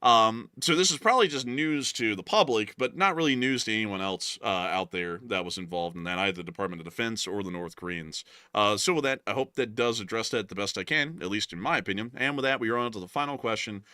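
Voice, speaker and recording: A man's voice: fairly low pitch, fast, few pauses, pushed and bright, clear, resonant tone, no echo. A young man from Alabama co-hosting a casual live question-and-answer chat, joking and laughing often, close to the mic. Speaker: co-host.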